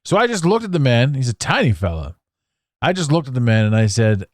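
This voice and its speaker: Animated man hosting a podcast. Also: medium pitch, quick pace, dry recording, studio quality. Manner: animated, theatrical, swears casually. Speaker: podcast host. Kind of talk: solo podcast monologue.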